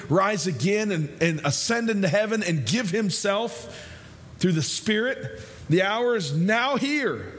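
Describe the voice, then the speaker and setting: A man preaching a sermon as pastor, conversational, repeating phrases and slowing down to stress key lines. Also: sits high, fairly bright tone.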